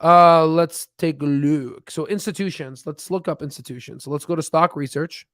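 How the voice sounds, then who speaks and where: A man's voice: on the high side, moderate pace, a bit bright, no echo, studio quality. Rambling man hosting a stock livestream. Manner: rambling, filler-heavy, thinks aloud with restarts. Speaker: stock market livestream host. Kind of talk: casual live chat while reading charts.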